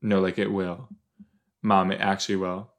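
A man's voice: deep voice, flat delivery, moderate pace, vocal fry. A man hosting a podcast, chatting casually and thinking aloud with a rambling, joking manner into a desk microphone. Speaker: podcast host. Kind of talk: casual rewatch commentary. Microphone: desk microphone with a cord.

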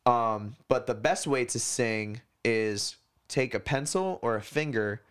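A man's voice: mid-range voice, slow pace, fairly bright tone, smooth. A man co-hosting a casual podcast, rambling through explanations with lots of fillers and the odd swear word. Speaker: podcast co-host. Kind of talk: casual chat.

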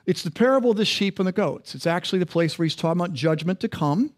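A man's voice: high voice, lively intonation, fast. A male pastor preaching a sermon in a conversational, interactive way, often asking the congregation questions.

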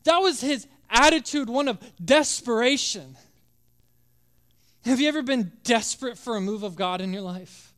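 A male pastor preaching a sermon with passion, acting out voices and dropping to a hush at times. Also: sits high, clear, resonant tone. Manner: impassioned, acts out biblical voices, drops to hushed tones.

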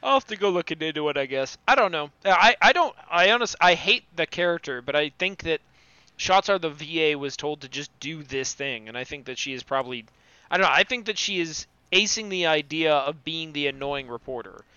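A man's voice: a little high, animated, a little fast, sharp tone, clear, resonant tone, no echo. A man co-hosting a casual podcast, sarcastic and hesitant in his talk. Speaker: podcast co-host. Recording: dull, dry lo-fi mic.

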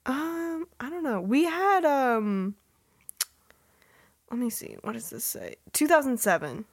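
A woman's voice: high voice, expressive, no room sound. A woman in her twenties co-hosting a podcast, chatting casually, telling childhood stories and laughing easily. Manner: chatty, storytelling, quick to laugh. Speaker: podcast co-host. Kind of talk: casual chat.

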